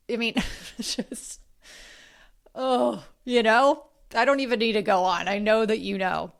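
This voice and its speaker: A woman's voice: on the high side, measured pace, vocal fry. A woman hosting a podcast, talking in an earnest, chatty way with friendly asides. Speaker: podcast host. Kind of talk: casual podcast talk.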